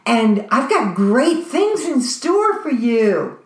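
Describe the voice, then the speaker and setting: Woman doing a reassuring divine voice, urging, lifted pitch, roomy room. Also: big pitch swings, slow pace. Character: patient, reassuring divine voice, male. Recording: roomy echo.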